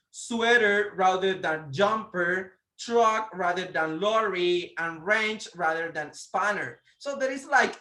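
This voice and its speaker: A man's voice: high-pitched, pushed and bright. A man presenting a lesson on how a variety of English is spoken, hesitant and full of fillers, often correcting himself. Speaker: presenter teaching about English pronunciation. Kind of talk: explanatory lesson. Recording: roomy echo.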